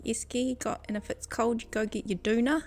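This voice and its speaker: A woman's voice: on the high side, fairly even intonation, brisk, faint music behind. A woman with a New Zealand accent chatting casually with her viewers on a game stream, giggling often, at a desk microphone. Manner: giggly, chatty, talks to chat. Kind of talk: casual gaming stream chat.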